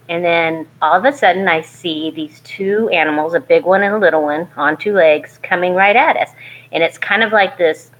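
A woman from California, an anthropologist and archaeologist, telling stories in a lively, rambling way with many restarts. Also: on the low side, highs cut off. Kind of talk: conversational storytelling.

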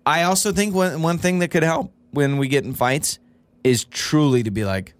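A man's voice: fairly high pitch, normal speed, no room sound. A man co-hosting a podcast with his wife, talking casually and self-deprecatingly, often restarting his sentences. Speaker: podcast co-host. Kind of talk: casual couple chat.

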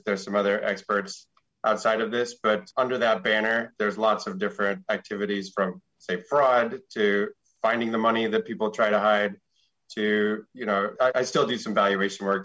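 A man speaking as a podcast guest, a forensic accountant who explains his new job in a halting, relaxed way. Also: lowish voice, low-quality recording. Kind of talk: casual interview.

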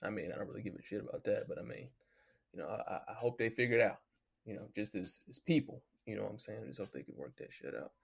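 Gravelly man ranting casually. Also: on the low side, fast. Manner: loose, animated storytelling, heavy cursing. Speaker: podcast host. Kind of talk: casual profane commentary.

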